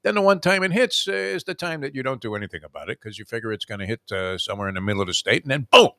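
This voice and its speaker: An older male radio host whose voice swings widely in pitch and has a bright, forceful edge. He tells rambling, animated stories in casual morning chat and booms out the lines he quotes. He is recorded dry and close on a studio mic. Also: very fast, vocal fry, no room sound. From South Florida resident for over forty years. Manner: animated storyteller, shouts quoted lines, many "uh" fillers.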